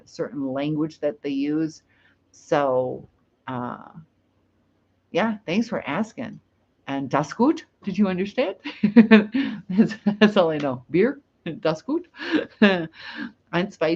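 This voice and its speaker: A woman's voice: low voice, darkish tone. A woman from the United States hosting a casual live chat, rambling and laughing as she reads viewer comments. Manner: chatty, rambling, laughs easily. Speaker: livestream host. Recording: dull lo-fi stream audio.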